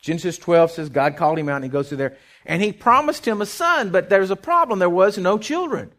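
Middle-aged pastor, folksy and lively, voice on the higher side. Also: male voice, brisk. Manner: folksy, animated preaching with many restarts. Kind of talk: sermon.

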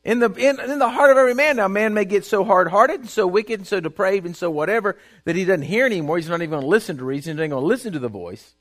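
Guy preaching a sermon, kinda high voice, folksy and emphatic, says stuff twice. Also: lively intonation, fast talker, hardly any pauses. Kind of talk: sermon with Bible reading.

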